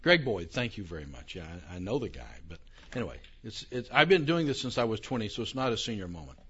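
A man's voice: lowish voice, big pitch swings, fast talker, a bit bright. An older man giving a theology lecture to a live audience, conversational, with questions to the room and self-deprecating asides. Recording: dull lo-fi recording.

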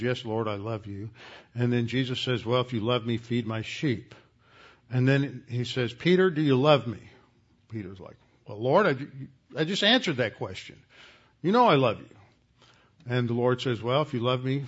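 A man teaching a lecture on scripture in a measured, explanatory way, stopping now and then to correct himself. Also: mid-range voice, dull audio. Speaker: Bible teacher.

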